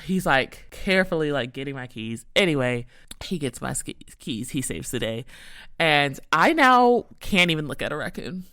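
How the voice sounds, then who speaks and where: A woman's voice: low voice, sing-song, moderate pace, fairly bright tone, no echo, clean studio sound. A young woman hosting a podcast, telling a story in a casual, rambling way full of "like" fillers. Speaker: podcast host.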